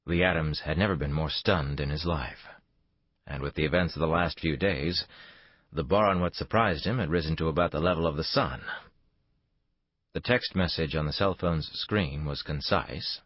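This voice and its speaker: A man narrating a thriller audiobook in a steady, dramatic way. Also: a bass voice, moderate pace, no room sound, dull audio. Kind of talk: scripted narration.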